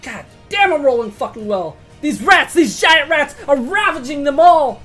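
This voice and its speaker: A woman running a tabletop game as game master, excitable and swearing, swinging from quiet to loud. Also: high voice, normal speed, few pauses, soft background music.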